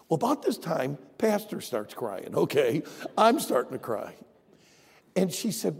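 A man's voice: on the high side, big pitch swings, normal speed, gravelly, a little mellow, slightly rough, long reverb tail. A man preaching a sermon as pastor, telling a story and then urging his congregation with rising emphasis. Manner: storytelling, swelling to emphatic exhortation.

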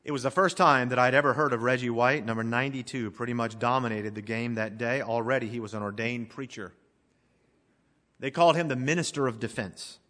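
A man preaching a sermon as pastor, emphatic, swelling loud then dropping to a hush. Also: mid-range voice, a little fast, big-room sound.

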